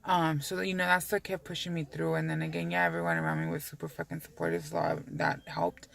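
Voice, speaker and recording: A woman's voice: low voice, fairly quick, vocal fry. A woman vlogging from inside her car in a rambling, candid way, swearing freely as she talks. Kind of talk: casual chat to camera.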